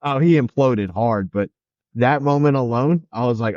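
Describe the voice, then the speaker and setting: A man's voice: mid-range voice, normal speed, no echo, dull audio. A man co-hosting a casual sports podcast, telling stories with energy and acting out what players said. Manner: animated storyteller, acts out players' lines. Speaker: podcast co-host.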